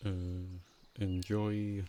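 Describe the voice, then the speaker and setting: A man's voice: low-pitched, little pitch movement, very slow, dark tone, a little hiss or hum. A tired male streamer signing off casually, rambling in a sleepy, mumbled way.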